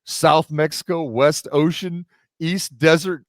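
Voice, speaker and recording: A middle-aged man hosting a podcast in casual chat, an animated storyteller who acts out the people he quotes. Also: on the high side, takes it slowly, dry recording, studio quality. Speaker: podcast host.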